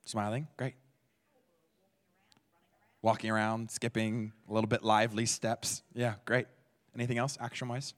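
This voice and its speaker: A man leads a church teaching session in a relaxed, conversational way, asking questions and echoing back what people answer. His voice sits low. The sound carries a long reverb from a large hall. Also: normal speed, long pauses. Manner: conversational, quizzes the audience and repeats their answers. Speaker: speaker at a church. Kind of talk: interactive teaching talk.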